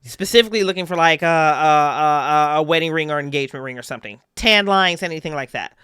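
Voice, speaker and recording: A player in a horror tabletop game, firing off questions and laying out actions in an intent, deliberate way. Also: medium pitch, expressive, bright, forceful tone, smooth, no echo, studio quality. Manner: quick questions, intent, planning actions aloud. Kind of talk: in-character roleplay in a horror game.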